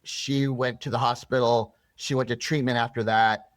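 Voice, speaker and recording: A man's voice: medium pitch, flat delivery, normal speed, dry recording. A man being interviewed, earnestly telling a personal story with many restarts and rambling asides. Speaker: interview guest.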